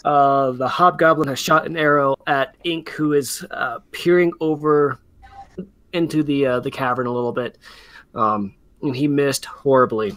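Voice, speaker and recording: Slow, halting young game master. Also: male voice, mid-range voice, fairly bright tone. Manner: halting, many fillers. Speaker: dungeon master. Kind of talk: narrating a tabletop game.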